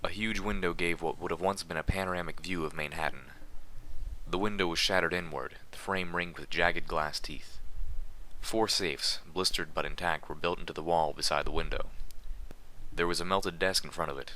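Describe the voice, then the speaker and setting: Deep, bright-toned male reader. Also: fairly even intonation, normal speed, a little hiss or hum. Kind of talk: reading fan fiction aloud.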